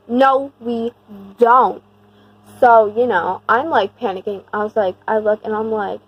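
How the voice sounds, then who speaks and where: A young woman telling a storytime on her vlog in a slangy, rambling way full of "like", animated and emphatic. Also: on the high side, normal speed, lo-fi sound. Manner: slangy, rambling, heavy use of "like"; animated and emphatic when retelling the scary part. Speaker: vlogger. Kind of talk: casual storytime.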